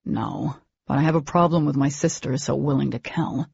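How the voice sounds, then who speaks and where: Brief: woman reading a commanding young man, firm and low, raspy, dull lo-fi sound. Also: moderate pace, a little mellow, no room sound, heavily acted. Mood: stern. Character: stern young man, protective older brother. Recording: dull lo-fi recording.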